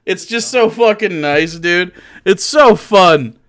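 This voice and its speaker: A man's voice: high voice, takes it slowly, a bit bright. A man streaming live, chatting casually and mocking his chat with profanity and frequent laughter. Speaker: livestreamer.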